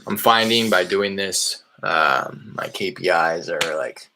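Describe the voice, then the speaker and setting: A man casually explaining how he makes cold calls, in a loose, rambling way with many fillers, from a small warm room. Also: low-pitched, takes it slowly. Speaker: real estate wholesaler teaching cold calling. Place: small hot indoor room.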